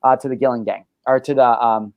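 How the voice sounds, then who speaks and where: Man, podcast host, brash, swears a lot, mellow tone, dry recording. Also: mid-range voice, fairly even intonation, fast, no room sound. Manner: brash, profane, boastful storytelling. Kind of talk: casual podcast chat.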